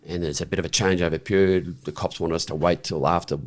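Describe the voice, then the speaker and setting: Speaking fast in a low voice with fairly even intonation, this middle-aged Australian podcast guest recounts a story bluntly and frankly. He restarts often and tends to toss in "right?", keeping it conversational.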